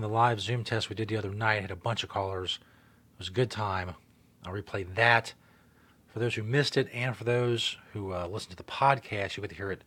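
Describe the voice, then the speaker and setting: Lowish voiced guy hosting a podcast radio show, loose and rambling, swears a lot. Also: a bit bright. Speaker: show host. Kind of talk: casual podcast radio talk.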